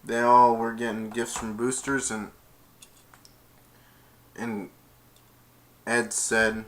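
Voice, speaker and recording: A man's voice: medium pitch, little pitch movement, takes it slowly. A young man in his twenties casually retelling a movie plot in a rambling, hesitant way, often correcting himself. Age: 20s. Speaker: amateur movie reviewer.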